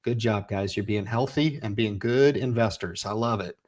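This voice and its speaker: A man in his forties hosting a casual livestream, reading viewer comments and urging them on in an energetic, folksy way. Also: fairly low pitch, normal speed. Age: 40s. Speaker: livestream host.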